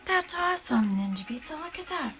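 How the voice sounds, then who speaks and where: A woman streaming as she paints shoes, chatting casually and thanking viewers in a soft, often half-whispered voice. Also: sits high, sing-song, a little fast, music in the background. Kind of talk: casual live-stream chat while painting.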